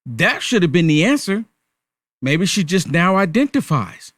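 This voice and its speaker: A man's voice: high voice, very animated, unhurried, a bit bright, no room sound. A male host giving sarcastic political commentary, firing off rhetorical questions.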